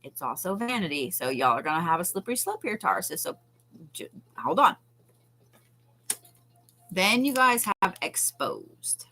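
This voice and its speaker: A woman reads tarot cards on a live stream. Her voice is bright and forward, and her delivery is chatty and unfiltered. She drops casual curses and soothing reassurances as she talks. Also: fairly low pitch, very animated, measured pace, long pauses, breathy edge. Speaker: tarot reader. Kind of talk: live-stream card reading.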